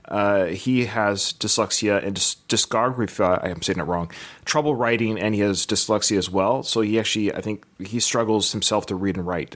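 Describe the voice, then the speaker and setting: A man's voice: on the low side, fairly bright tone. A man in his thirties hosting a podcast interview, chatty and enthusiastic, rambling with restarts. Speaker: podcast host. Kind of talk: casual interview chat.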